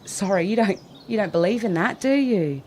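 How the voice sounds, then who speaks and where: A woman's voice: medium pitch, expressive, moderate pace, darkish tone, a little hiss or hum. A woman in a comedy sketch, mocking and blunt as she turns away a caller at her door. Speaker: sketch performer.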